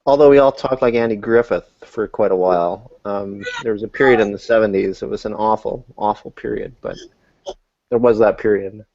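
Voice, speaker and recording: A man's voice: fairly low pitch, a little fast, darkish tone, dry recording, dull audio. A man from Canada chatting easily on an online panel with a wry touch. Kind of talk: casual panel chat. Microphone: video call.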